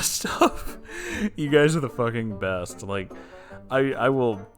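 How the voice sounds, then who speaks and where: A man's voice: lowish voice, fairly bright tone. A man hosting a story channel, reading a submitted story and then chatting casually, emotional and swearing freely. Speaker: story reader and channel host.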